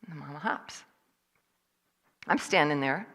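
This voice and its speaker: A woman speaking at a church service, telling a personal story in a lively way and acting out what other people said. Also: low voice, measured pace, gravelly, big-room sound. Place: church hall.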